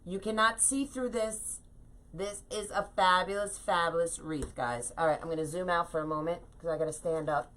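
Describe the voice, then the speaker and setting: Bright, chatty woman craft host. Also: on the low side, normal speed. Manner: chatty and animated, laughs at herself. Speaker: craft host teaching wreath making. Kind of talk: live craft tutorial, reading viewer comments.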